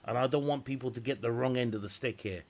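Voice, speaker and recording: A man's voice: medium pitch, fast, darkish tone. A man at home, chatting casually and rambling through live-stream game commentary. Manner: rambling, chatty, restarts and self-corrects. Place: at home with family nearby.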